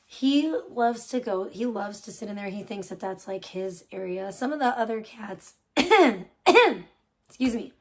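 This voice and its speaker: A woman's voice: medium pitch, lively intonation, unhurried. A young woman chatting casually on a late-night livestream, rambling with lots of fillers and casual swearing. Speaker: live streamer.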